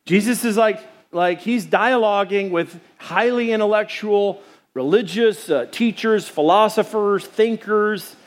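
High-voiced joking male pastor. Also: measured pace. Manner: animated, joking, acts out quotes. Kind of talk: sermon. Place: church sanctuary.

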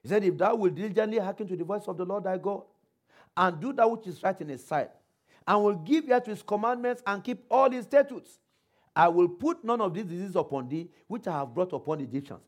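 A male preacher delivering a sermon, quoting scripture, asking the congregation rhetorical questions and calling for responses, slowing and speeding for emphasis. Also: high-pitched, animated. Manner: varies pace and loudness for emphasis.

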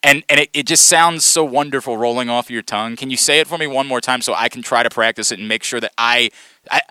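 A man's voice: mid-range voice, quick pace, sharp tone, clear, resonant tone, no echo, clean studio sound. A man hosting a sports radio show, talking emphatically and often stumbling over and repeating his words. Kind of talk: casual sports talk.

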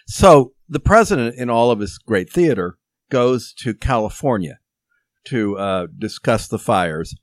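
A man's voice: medium pitch, lively intonation, moderate pace, no room sound. A man hosting a podcast, telling rambling anecdotes and repeating words as he goes. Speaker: podcast host. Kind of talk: conversational interview.

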